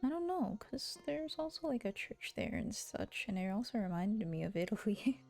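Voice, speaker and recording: A woman's voice: mid-range voice, sing-song, moderate pace, gravelly, a little mellow, faint music behind. A young woman streamer chatting casually and giggling while she voices a visual novel. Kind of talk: casual stream chat and voice-through.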